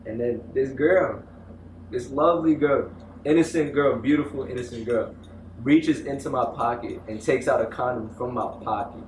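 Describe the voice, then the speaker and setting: A man's voice: medium pitch, normal speed. A young man tells stories in a loose, slangy way, full of energy. His voice sits in the middle of the male range. It comes from a distance in an echoey room with a faint hiss behind it. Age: young adult. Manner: animated slangy storytelling. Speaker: interviewee. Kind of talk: casual storytelling. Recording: echoey room, mic from far off.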